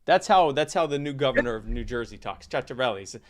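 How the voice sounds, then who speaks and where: A man's voice: medium pitch, animated, fast talker. A man co-hosting a podcast in casual chat, joking and tossing off mumbled asides. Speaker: podcast co-host.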